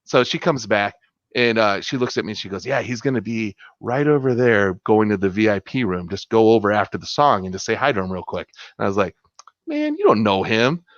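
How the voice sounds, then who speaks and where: A man's voice: on the low side, a little fast, no room sound. A man tells a story on a podcast, voicing the people in it and laughing along. His sound is dry and a little dull. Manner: animated storyteller, laughs often, acts out dialogue. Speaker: podcast co-host. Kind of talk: casual chat, storytelling.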